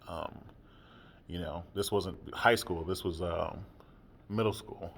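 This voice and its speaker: A young man in a candid personal monologue, rambling with lots of fillers and keeping a deliberately low, comfortable speaking tone. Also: vocal fry, a bit bright, a little hiss or hum. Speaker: podcaster.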